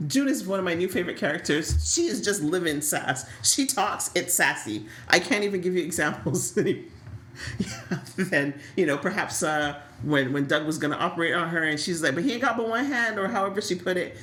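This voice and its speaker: A woman co-hosting a casual soap opera recap, telling stories in a lively, sassy way with frequent laughs. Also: fairly low pitch, brisk, echoey room, slight background noise. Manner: animated, laughing, sassy storytelling. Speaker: podcast co-host.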